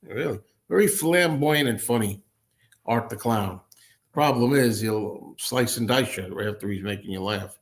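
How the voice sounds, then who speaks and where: A man's voice: medium pitch, a little slow. A man hosting a casual livestream, chatting and answering viewer comments as they come in. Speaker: livestream host.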